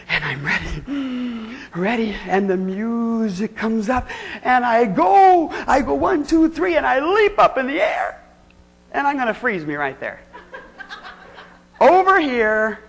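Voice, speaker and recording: A woman on a stage telling a playful, animated story as a motivational speaker. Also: takes it slowly, pauses often, slight background noise. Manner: animated, playful, big swoops of pitch. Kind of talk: storytelling keynote speech. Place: stage in a spotlight.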